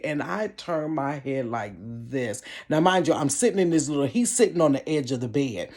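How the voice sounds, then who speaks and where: A woman telling a story on her vlog from her bedroom, animated and laughing, with big swings in pitch. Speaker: vlogger.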